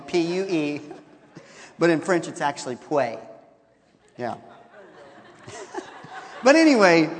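A man with a high voice tells a story as a sermon, playing out each line of talk and laughing as he goes. His voice carries through a large hall with a long reverb. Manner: animated, laughing often, acts out quotes. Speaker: pastor.

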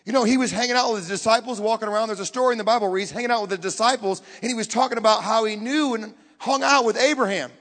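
A man preaching a sermon, emphatic, swinging between loud bursts and hushed lines. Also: sits high, very fast, few pauses. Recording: long hall reverb.

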